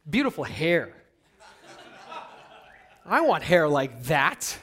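A man giving a motivational seminar talk to an audience, asking them questions and swinging from hushed whispers to loud, emphatic bursts. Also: high voice, very animated, moderate pace. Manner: addresses the audience directly with rhetorical questions. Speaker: motivational speaker.

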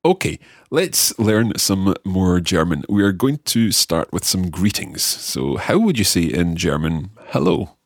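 A man hosting a podcast language lesson, carefully and slowly repeating phrases after his co-host. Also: low-pitched, big pitch swings, husky, dry recording, studio quality. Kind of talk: friendly scripted lesson banter.

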